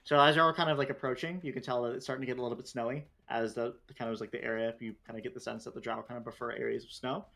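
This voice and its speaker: A man's voice: medium pitch, level tone, very fast, gravelly, hardly any pauses, bright, forceful tone. A man running a tabletop game as game master, talking loosely with lots of fillers and restarts.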